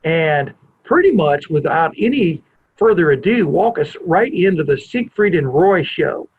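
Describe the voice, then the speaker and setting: A man's voice: a little high, very animated, measured pace, breathy edge. A man hosting a podcast, telling a long rambling anecdote from his home and often wandering off on tangents. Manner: rambling, digressive storyteller. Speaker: podcast host. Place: home family room. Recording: tinny phone-like line.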